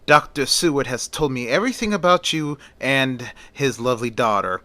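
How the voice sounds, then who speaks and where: Man voicing a wise old foreign professor, calm, measured, bright voice, dry sound. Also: medium pitch, no room sound, lightly acted.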